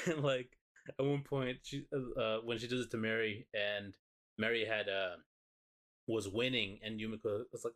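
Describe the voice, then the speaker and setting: A man with a lowish voice co-hosts a podcast, chatting casually. He retells a show with excitement and plenty of swearing. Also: normal speed. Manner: excited, profane, animated retelling. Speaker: podcast co-host. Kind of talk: casual chat.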